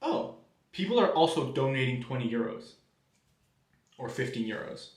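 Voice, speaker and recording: A man's voice: mid-range voice, very animated, normal speed, echoey room, lightly acted. A man voicing a sweet-talking, pushy female street canvasser while telling a story. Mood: insistent. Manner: friendly then insistent.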